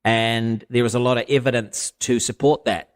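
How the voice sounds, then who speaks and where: A man guesting on a comedy podcast, rambling with a deadpan delivery and plenty of fillers. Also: mid-range voice, moderate pace, smooth.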